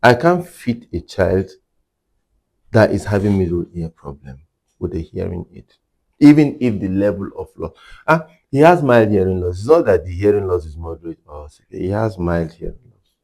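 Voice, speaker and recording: A man's voice: low-pitched, normal speed, a little mellow. A man working as a hearing care clinician, explaining in an interview and repeating his key points for emphasis.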